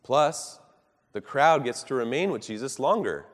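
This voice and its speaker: A man preaching a sermon in an earnest, measured way, rising for emphasis and dropping soft at the ends of thoughts. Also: medium pitch, lively intonation, big-room sound.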